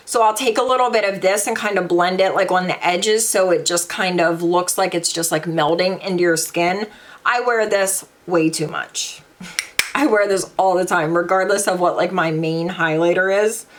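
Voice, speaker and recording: A woman's voice: on the low side, normal speed. A young woman vlogging casual makeup reviews, chatty and gushing, with dramatic sighs and emphasis. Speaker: beauty vlogger.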